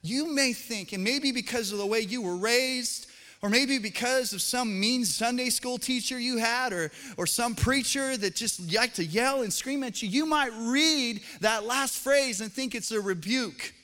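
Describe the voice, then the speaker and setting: A man preaching a sermon as pastor, talking conversationally and telling jokey family stories before dropping into soft, earnest appeals. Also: very high-pitched, a little slow. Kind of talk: sermon with humorous family anecdotes. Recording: long hall reverb.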